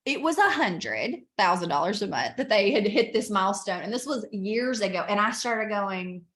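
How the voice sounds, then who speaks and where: A woman giving an energetic, emphatic coaching talk over a video call, often laughing. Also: mid-range voice, normal speed. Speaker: guest speaker, business coach.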